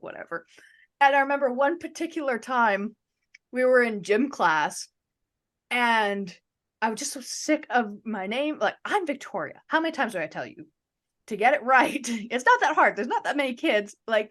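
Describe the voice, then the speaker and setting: Chatty storytelling young woman, high voice. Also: expressive, a little fast, a bit bright. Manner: chatty storytelling, acts out quoted lines. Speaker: podcast co-host. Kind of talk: casual chat.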